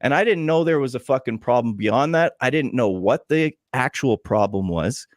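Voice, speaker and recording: A man's voice: medium pitch, animated, moderate pace, no room sound, studio quality. A man hosting a podcast, talking casually and aggrieved about how he was treated, swearing often. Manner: aggrieved, heavy swearing, blunt. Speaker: podcast host. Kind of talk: casual uncensored podcast chat.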